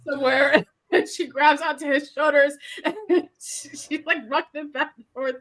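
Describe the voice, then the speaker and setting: A woman with a very high, bright voice plays in a tabletop game. She describes her character's actions in an animated way, giggling often. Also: unhurried. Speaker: player. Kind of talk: casual tabletop play.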